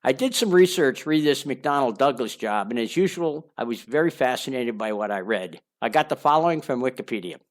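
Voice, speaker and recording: Older guy reading his memoir out loud, frank and confessional, rambles a bit, mid-pitched voice. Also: animated, brisk, hardly any pauses. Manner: candid, confessional, wandering asides with small repeats. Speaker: memoir author reading his own book. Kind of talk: memoir audiobook narration.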